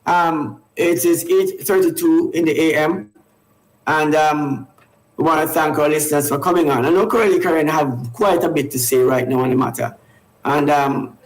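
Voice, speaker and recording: A man's voice: a little high, fairly even intonation, reverberant, low-quality recording. A man co-hosting a casual morning radio talk show, often stumbling and repeating his words as he goes. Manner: halting, repeats words, laughs easily.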